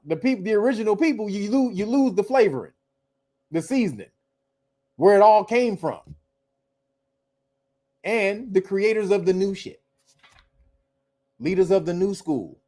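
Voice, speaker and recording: Man, high-pitched voice, show host, casual rant, laughs a lot, swears freely. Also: moderate pace, pauses often. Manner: animated, laughing often, profane. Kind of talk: casual livestream commentary.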